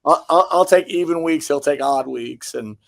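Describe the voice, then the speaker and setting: A man from New York, a high school basketball coach, teasing the host with dry humor over a video call from his basement. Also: moderate pace, creaky, dry recording. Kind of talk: casual interview chat. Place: home basement.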